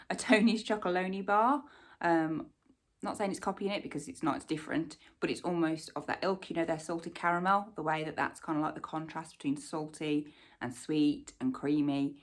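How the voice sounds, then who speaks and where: This is a woman in her forties with a notably low voice, chatting through her favourite finds of the month. She rambles easily with lots of ums and side comments, and she sounds keen on the things she recommends. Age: 40s. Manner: chatty and rambling, with frequent fillers and asides; warmly enthusiastic recommendations. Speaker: lifestyle vlogger. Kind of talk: casual product-favourites chat.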